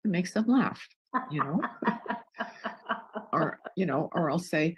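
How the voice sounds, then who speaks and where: Upbeat wellness guest with a husky voice. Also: mid-range voice, animated, normal speed, pauses often, dry recording, muffled recording. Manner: upbeat, jokey, restarts words. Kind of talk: interview.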